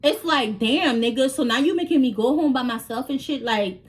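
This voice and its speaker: A woman's voice: high voice, normal speed. A young woman telling a story on a casual vlog, swearing freely and acting out the dialogue. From New York. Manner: animated, swears freely, acts out quoted dialogue. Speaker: vlogger.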